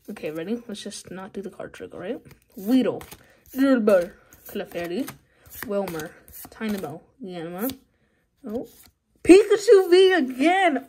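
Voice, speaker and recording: A woman chatting casually as she opens trading card packs, excitable and pleading with the cards. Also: a little high. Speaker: card-opening vlogger. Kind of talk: casual pack-opening commentary. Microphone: phone. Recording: loud wrapper crinkling and tearing noise. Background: crinkling, tearing foil packs.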